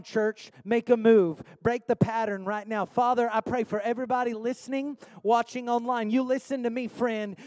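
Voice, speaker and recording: A man's voice: extremely high pitch, a little mellow, no room sound. A man pastor preaching a sermon with rhetorical questions, building to an impassioned altar call.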